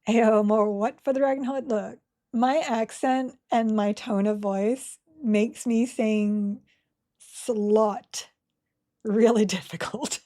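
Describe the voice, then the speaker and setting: A giggly woman narrating her game on a live stream, slightly high in pitch, with a mellow, soft tone. She talks slowly and casually, laughing often and chatting to her viewers and characters. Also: steady tone. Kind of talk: casual live gameplay commentary.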